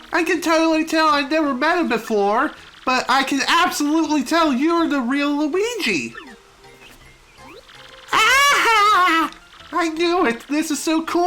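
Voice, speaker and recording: A woman's voice: high voice, voice pushed up. A woman voicing a giddy young female fan who gushes and squeals, reading game dialogue aloud. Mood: starstruck. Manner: squealing, breathless gushing.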